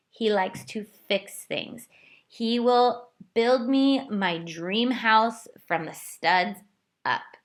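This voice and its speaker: A woman's voice: a little high, fairly bright tone. A young woman hosting her own podcast, telling a candid, self-deprecating story about her week. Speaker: podcast host. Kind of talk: confessional solo podcast.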